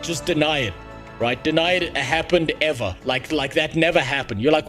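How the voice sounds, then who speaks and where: A man's voice: a little high, normal speed, a bit bright, faint music behind. Rambling crude male game streamer. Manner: rambling, crude, jokey, with frequent restarts. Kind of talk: casual gaming stream chat.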